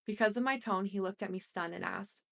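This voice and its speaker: A woman reading a first-person story aloud as an audiobook narrator, in a plain, steady manner. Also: medium pitch, fairly quick, vocal fry.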